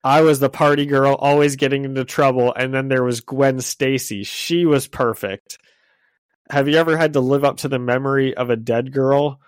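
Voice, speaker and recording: A man's voice: medium pitch, steady tone, moderate pace, smooth, no room sound, lightly acted. A man voicing a playful young woman who used to be the party girl, reading comic dialogue aloud in close to his own voice.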